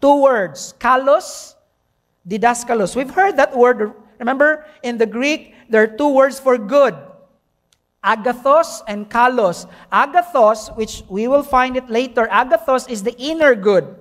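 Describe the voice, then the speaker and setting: A woman's voice: a little high, unhurried. A middle-aged woman with a Filipino Cebuano accent, preaching a sermon. She teaches by asking questions and answering them, and slips into Cebuano. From Philippines.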